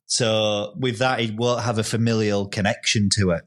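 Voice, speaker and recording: A man's voice: lowish voice, fairly even intonation, moderate pace, a bit bright. Rambling man, casual chat. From Bradford, England. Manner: rambling, heavy on filler words. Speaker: podcast co-host.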